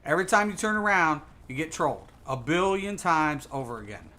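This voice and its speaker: Guy streaming a game, ranting and cussing a lot, kinda high bright voice. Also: animated, brisk. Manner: ranting, profane, repetitive. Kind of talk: casual gaming stream talk.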